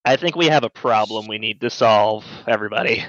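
A man's voice: fairly low pitch, brisk, fairly bright tone, dry recording. A man chatting casually at a tabletop game, starting lines hesitantly with "oh, uh.". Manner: hesitant, lots of "oh, uh". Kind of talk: casual chat. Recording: dull lo-fi dry sound.

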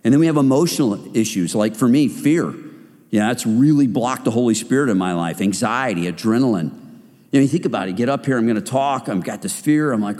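Lively man preaching in an echoing hall. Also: medium pitch, brisk. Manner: conversational, joking, acts out inner voices. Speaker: men's ministry speaker. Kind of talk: sermon.

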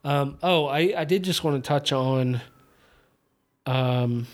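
A young man hosts his own podcast, chatting casually while watching fights, rambling with lots of fillers and restarts. His medium-pitched voice is slow, and he occasionally slips into a slight Southern twang when country music comes up.

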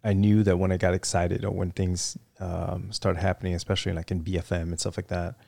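A middle-aged man with a Vietnamese accent, a retired military aviator telling his story in a relaxed interview, full of "you know" fillers. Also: low-pitched, fairly quick, gravelly, no echo, studio quality. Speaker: interview guest, retired Marine fighter weapons officer.

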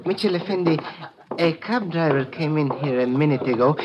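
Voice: medium pitch, brisk, muffled recording, background noise, lightly acted. An actor playing a formal, fawning club owner in a 1940s radio drama. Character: obsequious foreign club owner and hotel clerk. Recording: old radio recording with crowd behind.

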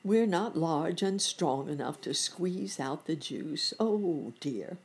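A woman doing a polite old gentleman rabbit. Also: low voice, animated, takes it slowly, slightly rough, exaggerated voice. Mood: dismayed.

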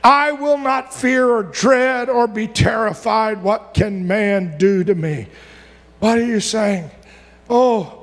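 A male pastor preaching a sermon, reading scripture aloud and building to repeated shouted lines. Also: high-pitched, measured pace. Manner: preaching with rising shouts and repetition. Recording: long reverb of a hall.

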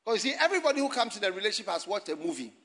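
A man preaching a sermon in a church, animated and often shouting and laughing as he addresses the congregation and online viewers. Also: high voice, racing. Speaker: pastor.

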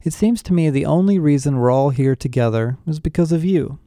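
Man doing cool teen girl, soft and calm, smooth quiet voice. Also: fairly high pitch, brisk, dry recording, clean studio sound, lightly acted.

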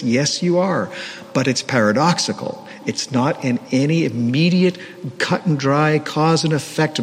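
A man's voice: mid-range voice, slightly rough. A man preaching a sermon in a candid, self-deprecating, conversational manner. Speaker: pastor. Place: church. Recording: long hall reverb, faint ambient noise.

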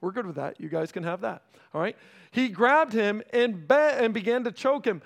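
A pastor preaching a sermon in a conversational way, often checking in with the congregation and dropping to a hushed, slow delivery for emphasis. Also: male voice, high voice, lively intonation, vocal fry. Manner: swings between raised emphasis and hushed, slowed delivery.

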